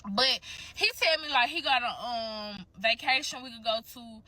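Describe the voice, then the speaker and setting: A young woman with a bright, forceful voice spins a candid, profane story for her viewers. She talks in a loose, chatty way, sitting a little high in her register. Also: normal speed.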